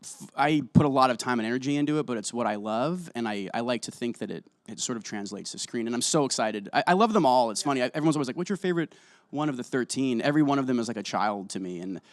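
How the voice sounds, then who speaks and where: A man's voice: mid-range voice, animated, quick pace, no room sound. A man, a guest on an interview show, chatting playfully and rambling between jokes and earnest answers, tired and just over a cold. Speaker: guest actor and director. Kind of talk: casual interview chat.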